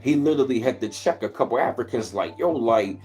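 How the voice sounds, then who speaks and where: A man's voice: mid-range voice, animated, quick pace, a little mellow, slightly rough, soft background music. Laid-back man rambling on a livestream. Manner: rambling, laid-back storytelling, greets viewers in between. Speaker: livestream host. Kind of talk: casual livestream chat. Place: at home, where he lives in Maryland.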